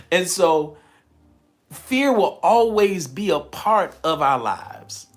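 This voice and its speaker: A man's voice: high voice, expressive, slow. A man from the American South with a Southern accent, giving a live motivational talk, repeating key lines for emphasis and laughing often. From Southern United States. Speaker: motivational spiritual speaker.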